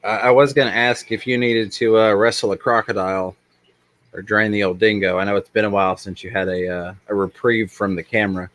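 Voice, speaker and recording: A man's voice: fairly low pitch, steady tone, fairly quick, fairly bright tone, no room sound. A man hosting a casual livestream chat, joking and self-deprecating as he rambles along. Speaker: livestream host.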